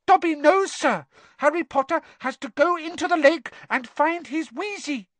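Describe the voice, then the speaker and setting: A reader voicing an earnest male house elf in a squeaky, very high voice, eager, talking about himself in the third person and calling his listener sir. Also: moderate pace, a bit bright, dry recording. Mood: urgent. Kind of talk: audiobook character voice.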